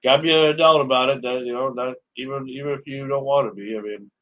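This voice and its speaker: A man's voice: mid-range voice, steady tone, fast, fairly bright tone, a little hiss or hum, rough recording. A man hosting a casual radio interview, chatty and loose, full of fillers. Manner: chatty, lots of fillers, laughs along. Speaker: radio show host.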